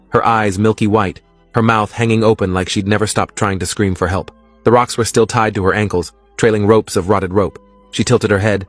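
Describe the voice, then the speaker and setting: A man narrating a first-person horror story in a steady, scripted reading style. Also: on the low side, no room sound.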